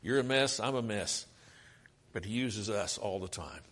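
Earnest preacher with a lively, swinging voice. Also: male voice, on the low side, a little slow. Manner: earnest, pleading, asks rhetorical questions. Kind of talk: sermon.

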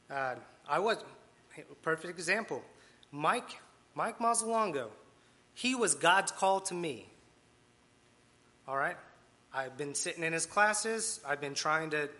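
A man's voice: fairly high pitch, pushed and bright. A man preaching a conversational sermon with asides and self-deprecating humor. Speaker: lay preacher.

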